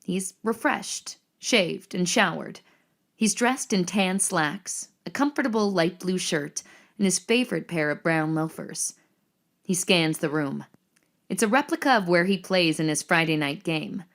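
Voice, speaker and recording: Woman, screenplay narrator, measured, descriptive, somewhat low voice. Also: lively intonation, fairly bright tone. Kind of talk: reading screenplay action lines.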